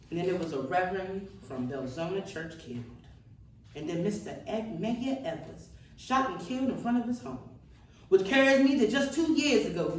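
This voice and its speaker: A woman's voice: mid-range voice, slight background noise, lightly acted. An actress in a seated stage reading, playing a defiant middle-aged Southern woman activist with a Mississippi accent and an earthy, testifying cadence, heard from far off in a roomy hall.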